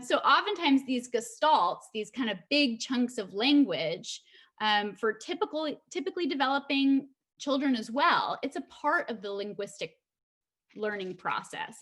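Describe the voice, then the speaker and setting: A woman's voice: mid-range voice, a bit bright. A woman giving an online presentation in a conversational way, with many filler ums.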